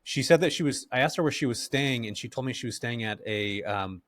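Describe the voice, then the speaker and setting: A middle-aged man from California, a podcast guest who tells stories in a relaxed, slangy way and laughs often. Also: mid-range voice, brisk, dry recording. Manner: laid-back, slangy, animated, laughs often. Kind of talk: casual interview storytelling.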